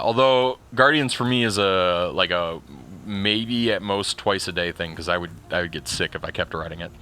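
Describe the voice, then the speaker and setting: A man's voice: on the low side, pushed and bright. A male streamer chatting casually while playing, telling a rambling story full of restarts and chuckles. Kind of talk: casual chat while livestreaming a game.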